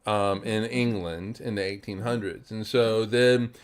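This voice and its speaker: A man's voice: on the low side, fairly even intonation, measured pace, clean tone. A man from New Zealand co-hosting a podcast in casual chat, rambling with lots of fillers and frequent swearing. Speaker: podcast co-host.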